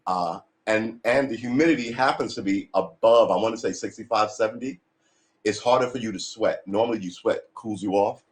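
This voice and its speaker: A man's voice: lowish voice, a little fast. A man chatting casually and rambling on his morning livestream, tired and a bit cranky, with lots of sighs and restarts. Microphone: desk mic being adjusted.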